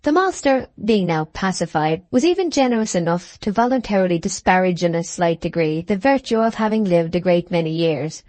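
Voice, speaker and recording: A woman's voice: on the low side, warm tone, no room sound. Woman narrating, dry close sound. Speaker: audiobook narrator. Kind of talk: scripted narration of a classic novel.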